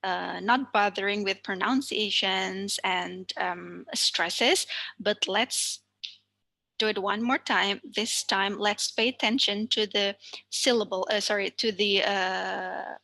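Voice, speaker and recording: A woman's voice: mid-range voice, slow, gravelly, bright, forceful tone, no room sound. A woman with an Indonesian accent teaching a language lesson online, talking carefully with many fillers.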